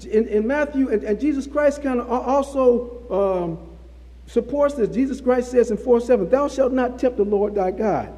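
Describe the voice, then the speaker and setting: A man delivers a sermon in a high but mellow voice, hammering his points through repetition. His words ring out with a long hall reverb around them. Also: moderate pace. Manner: repetitive, emphatic preaching with restarts. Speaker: preacher.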